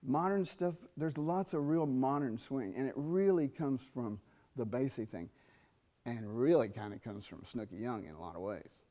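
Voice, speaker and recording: Brief: middle-aged male trumpet teacher, animated masterclass delivery, sings phrases to demonstrate. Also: mid-range voice. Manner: animated, sings rhythms and asks students quick questions. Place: university theatre.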